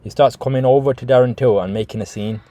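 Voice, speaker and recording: A man's voice: mid-range voice, fairly even intonation, fast talker, dark tone. A man hosting a casual reaction video, swearing constantly, rambling through restarts and calling his viewers guys.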